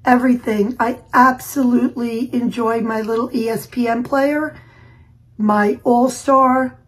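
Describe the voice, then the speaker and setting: A woman pours out an emotional, gushing video message, close to tears. She speaks slowly, with a husky, breathy tone. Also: on the high side, fairly even intonation, poor audio. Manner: warm, gushing, near tears.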